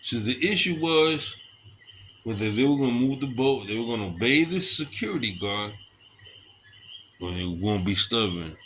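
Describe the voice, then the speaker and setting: A middle-aged man talks in a loose, rambling monologue at a medium pitch, animated and quick to chuckle as he goes. Faint crickets and insects hum behind him. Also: poor audio. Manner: animated, chuckles often between stories. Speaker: storyteller. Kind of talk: casual monologue.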